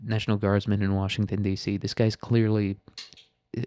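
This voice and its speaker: A man's voice: on the low side, flat delivery, normal speed, dark tone, clear, resonant tone. A man hosting casual current-events commentary, talking in a crude, blunt, sarcastic way. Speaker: podcast host.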